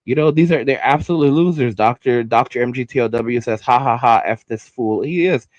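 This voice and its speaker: A man's voice: medium pitch, brisk, no echo, highs cut off. A man rants to his livestream audience in a mid-range voice, circling back over the same phrases and tripping on his words. The sound is dry and close, with no room around him. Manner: heated, repetitive, stumbling over words. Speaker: livestream host. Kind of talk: ranting livestream commentary.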